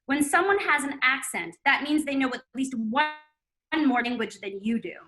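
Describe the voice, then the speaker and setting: A woman reading the lines of a brusque, foul-mouthed male IT guy in her own bright voice. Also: sits high, animated, moderate pace, soft background music. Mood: explaining. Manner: profane, brusque retorts. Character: gruff sarcastic male IT guy.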